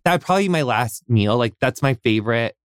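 A man's voice: mid-range voice, expressive, quick pace, clean tone, no echo, studio quality. An American man in his thirties hosting a casual interview podcast, effusive and gushing, full of "like" and casual swearing. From United States. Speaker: podcast host.

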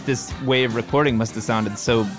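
A man's voice: mid-range voice, steady tone, a little fast, music in the background. Thoughtful male musician guest. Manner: thoughtful, restarts sentences, many "like"s. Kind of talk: casual music chat.

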